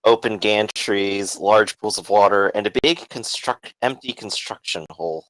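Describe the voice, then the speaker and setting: A man running a tabletop game as game master, describing scenes with many small pauses. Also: on the low side, fairly bright tone, dry recording, rough recording. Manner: descriptive, full of uh fillers.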